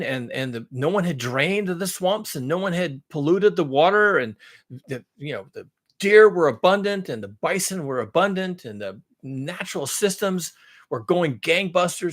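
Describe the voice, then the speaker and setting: Medium in pitch with a fairly bright tone, the man's voice carries a blunt, rambling vlog monologue. He goes on listing things, says the same things more than once, and drops the occasional swear word.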